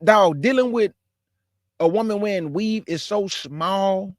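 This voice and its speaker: A man's voice: high-pitched, a little slow, dry recording, studio quality. A man in his forties giving a casual, emphatic preaching talk as a caller in an online religious discussion, calling his listeners bro and y'all. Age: 40s.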